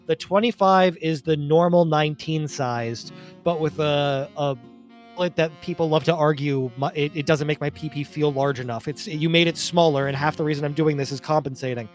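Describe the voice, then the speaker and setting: A man with a slightly raised pitch talks in a loose, self-mocking way, going deep into details. Faint music sits under the podcast chat. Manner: explains at length, self-deprecating. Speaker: podcast guest.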